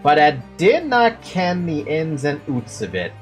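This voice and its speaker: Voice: mid-range voice, wildly swooping pitch, unhurried, soft background music. A game streamer reading a shifty Scottish male official's lines in a put-on Scottish accent. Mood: telling. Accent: Scottish, as put on by the player. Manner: attempted Scottish accent with dialect words. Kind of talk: reading game dialogue aloud.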